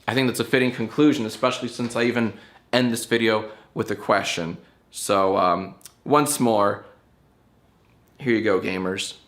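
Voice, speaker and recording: A man hosting his own online show, speaking in a loose, chatty, rambling way. His voice sits at an everyday middle pitch. He leans into playful emphasis when he explains things to his viewers. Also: a bit bright. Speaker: YouTube show host. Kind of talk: casual chat to camera.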